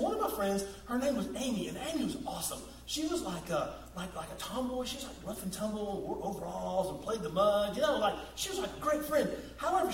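A man, a youth pastor preaching a sermon with lively, laughing storytelling. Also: very high-pitched, slight background noise. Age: 40s. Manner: animated storytelling with bursts of laughter. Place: church sanctuary. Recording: echoey room, mic at a distance.

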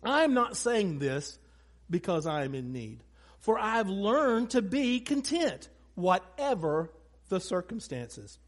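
A middle-aged man preaches with a high, bright voice that leaps up and down freely. He tells stories and talks to his listeners directly, slipping into quick asides and acted-out quotes. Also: sing-song. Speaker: pastor. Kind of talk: sermon.

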